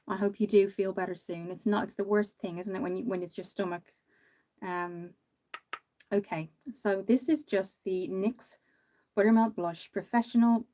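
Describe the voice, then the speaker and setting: An Irish woman, worn out after only one hour of sleep, chats casually with viewers on a makeup livestream and reads their comments aloud. Her medium-pitched voice carries an Irish accent not tied to any one county, with some American mixed in. She's chatty and sympathetic, and her thoughts sometimes trail off quietly.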